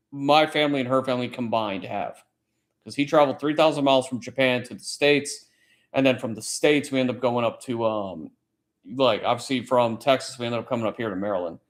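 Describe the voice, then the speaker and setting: A man hosting a casual late-night chat stream, telling a long story in a rambling, profane way. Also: mid-range voice. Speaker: livestream host; military service member.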